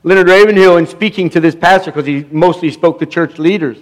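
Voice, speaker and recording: A man's voice: fairly high pitch, brisk. Emphatic male pastor preaching a sermon. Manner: emphatic preaching, stammering restarts, calls for amens.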